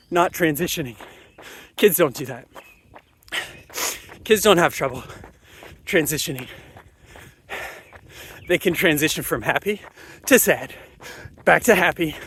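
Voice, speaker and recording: High-voiced man on an emphatic rant. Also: husky. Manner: animated, emphatic, repeats phrases for effect. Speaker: parenting commentator. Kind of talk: solo ranting monologue to camera.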